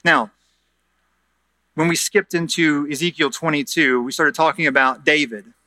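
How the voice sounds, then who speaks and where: Male pastor, sermon delivery, earnest and forceful, dry studio-close voice. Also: fairly high pitch, steady tone, moderate pace, no room sound. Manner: earnest, repeats words while explaining. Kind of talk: sermon with scripture reading.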